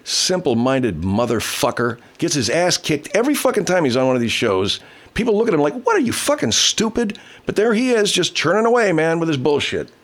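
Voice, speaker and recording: Brisk and very animated, a man with a slightly high voice hosts a foul-mouthed, casual livestream. He reads viewer comments, rants angrily, and coos baby talk at his pet cat.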